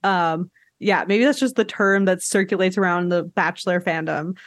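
A woman hosting a podcast, chatting casually about a reality show, animated and often laughing. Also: moderate pace, dry recording, studio quality. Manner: animated, laughs often, acts out quotes in high voices. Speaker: podcast host.

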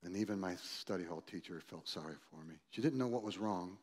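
Man in his sixties preaching a story. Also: a little fast. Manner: animated, acts out quoted voices loudly, then drops low and quiet. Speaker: pastor. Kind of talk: storytelling sermon.

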